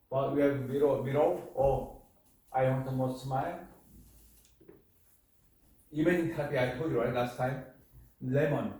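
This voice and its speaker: A man lecturing a class in halting, repetitive English. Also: mid-range voice, mellow. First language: Korean. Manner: halting, repetitive, broken phrasing. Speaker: university lecturer. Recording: echoey room, mic far off.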